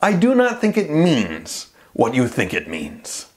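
A preacher voicing a vengeful Spanish swordsman with a mock Spanish accent, slow and dramatic, in a sermon. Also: medium pitch, wildly swooping pitch, a little mellow. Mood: grim.

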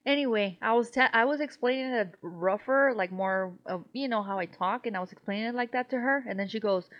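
A woman from Mexico with a medium-pitched voice talks at normal speed while co-hosting a casual podcast. Slightly tipsy, she rambles, swears freely, and laughs often, and the recording has a slightly dull lo-fi quality.

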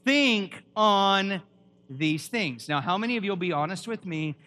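Man, pastor, emphatic sermon, high voice, questions the crowd. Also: expressive, a little slow, bright, forceful tone. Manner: preachy and emphatic, quizzing the audience.

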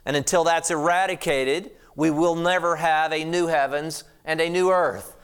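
A man's voice: a little high, fairly even intonation, moderate pace, a bit bright, clean tone. A middle-aged American man, a pastor preaching a sermon in a conversational, storytelling way. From United States.

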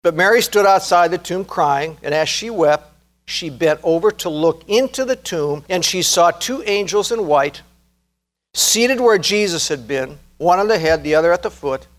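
Male preacher, high-pitched, earnest sermon delivery that slows and swells for emphasis. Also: expressive. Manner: earnest, rising to fervent emphasis, slows to stress key words. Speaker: pastor.

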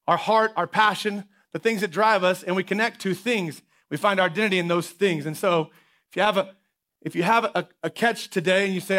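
High-voiced energetic male pastor. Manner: energetic, conversational, repeats questions for emphasis. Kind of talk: sermon.

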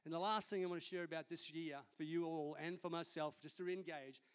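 A man's voice: a little high, fairly even intonation, fairly quick, clean tone. A man, a senior pastor preaching a sermon in a conversational, storytelling way during a church service.

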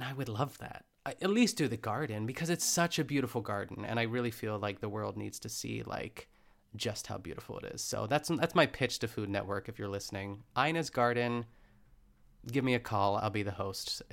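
Chatty man with a gravelly low voice. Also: a little fast, a bit bright. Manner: rambling, chatty, self-correcting with frequent fillers. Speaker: podcast host recapping a cooking show. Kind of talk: casual chat.

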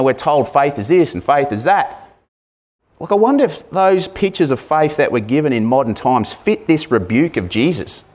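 Male preacher, casual sermon delivery, engages the congregation with questions. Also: on the high side. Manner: conversational, asks the congregation questions; acts out shouted lines with sudden loud bursts.

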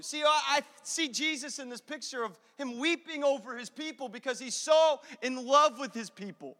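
High bright-voiced guy preaching, goes loud then hushed, big echoey church. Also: moderate pace, few pauses. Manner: impassioned, swings from loud to hushed. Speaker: pastor. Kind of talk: sermon.

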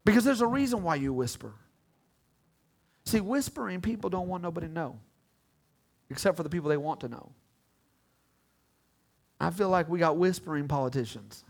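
A male pastor preaching a sermon in a lively, playful way, talking with the congregation and swinging between hushed and loud delivery. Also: on the high side, moderate pace, creaky, pauses often. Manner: animated, swings from whispers to shouts.

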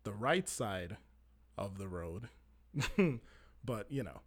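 A young Jamaican man telling a wild story in a casual, profane, animated way. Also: fairly low pitch, slow pace, breathy edge. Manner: animated, profane, acts out his own panicked lines.

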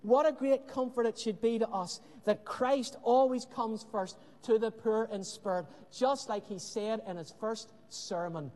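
A man preaching a sermon with earnest emphasis and dramatic pauses, often dropping to a hushed voice. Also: high voice. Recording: long hall reverb.

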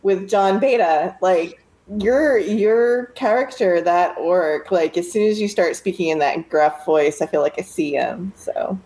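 A woman co-hosting a casual podcast, animated and laughing often as she tells stories about running games. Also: fairly low pitch, unhurried. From American South. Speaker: podcast co-host and game master. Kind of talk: casual chat.

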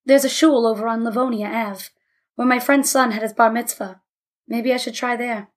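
A tired, careful father, played by a woman narrator, speaks quietly and politely. He sounds measured and restrained in a read-aloud story. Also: on the high side, steady tone, lightly acted. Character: weary, cautious middle-aged father.

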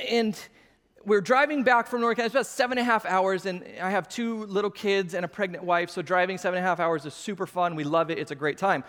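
A man in his thirties preaching a sermon, telling personal stories with animated, self-mocking humor. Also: high voice. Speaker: pastor. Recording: long reverb of a large hall.

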